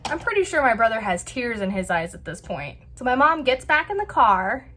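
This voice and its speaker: A woman hosting a vlog, telling a family story in a chatty, animated way with lots of filler words. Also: a little high, moderate pace, background noise. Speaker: vlog host. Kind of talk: casual storytelling.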